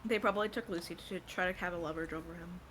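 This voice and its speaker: A woman playing a tabletop game, chatting casually with quick asides. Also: on the low side, music in the background. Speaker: player. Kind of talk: tabletop role-play chat.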